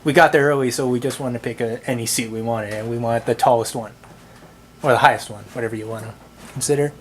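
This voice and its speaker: A man's voice: medium pitch, steady tone, slight background noise. A man ranting about a bad night at the movies, profane and exasperated, rambling with many restarts. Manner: halting, full of restarts and "like". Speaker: movie reviewer. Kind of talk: ranting movie-theater story.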